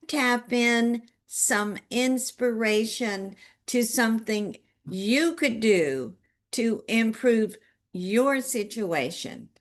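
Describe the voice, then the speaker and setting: A woman leading a guided tapping session, giving calm instructions and repeating affirmations with soft music behind her. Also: on the high side. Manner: slow, directive coaching with spoken affirmations.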